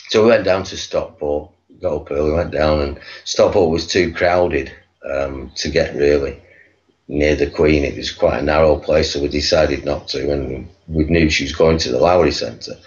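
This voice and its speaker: A man's voice: very deep voice, measured pace. A man telling a long rambling anecdote as an interview guest, chuckling and full of fillers. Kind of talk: anecdotal storytelling. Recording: dull lo-fi recording.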